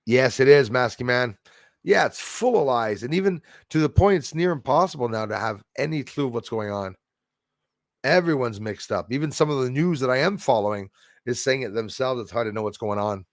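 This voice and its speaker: A man's voice: mid-range voice, lively intonation, a little fast, dry recording, studio quality. A man hosting a casual livestream, rambling and opinionated as he reads out viewer comments and laughs at his own jokes. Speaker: livestream host.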